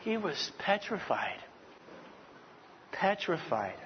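A man's voice: high-pitched, very animated, slow pace, a little hiss or hum. A man preaching a sermon from a pulpit to students of preaching, with emphatic, repetitive, heralding phrasing. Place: church hall, at a pulpit. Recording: reverberant hall, dull lo-fi sound.

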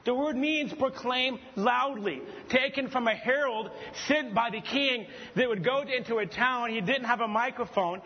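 Standing at a pulpit in a church hall, a man delivers a sermon to preaching students with emphatic, heralding, repetitive phrasing. He speaks at normal speed in a very high voice. The dull, lo-fi recording echoes in the hall and carries a little hiss or hum.

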